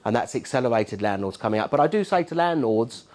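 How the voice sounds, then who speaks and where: A middle-aged man with a Cockney accent gives a keynote to a conference audience. His delivery is punchy and rhetorical. He keeps checking in with the crowd with quick asides. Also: medium pitch, expressive, a little mellow. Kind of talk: lively conference speech. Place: conference hall.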